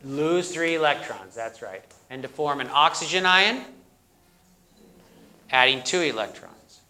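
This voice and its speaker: Male lecturer, bright forward tone, slightly high; interactive classroom style, quizzing and joking. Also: expressive, unhurried. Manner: questions the class and echoes their answers; jokey, plays up corny jokes. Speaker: university biochemistry lecturer. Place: lecture hall.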